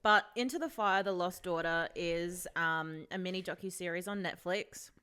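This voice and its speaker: Woman, casual podcast co-host; low-set, smooth, chatty storyteller. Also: normal speed, pushed and bright. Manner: chatty, retells a story with lots of "like" and swearing. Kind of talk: casual chat.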